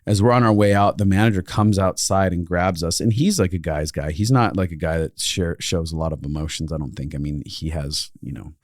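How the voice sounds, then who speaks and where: A man's voice: low voice, brisk, few pauses, no echo, clean studio sound. A man co-hosting a podcast, telling a story casually and acting out the voices of the people in it. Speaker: podcast co-host.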